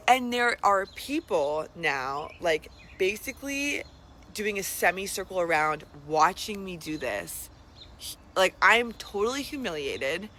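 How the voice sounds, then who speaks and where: A woman's voice: mid-range voice, pushed and bright, a little hiss or hum. A young woman telling a personal story in a chatty, casual way, full of asides and "like". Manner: chatty, lots of "like", dramatic asides. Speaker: vlogger.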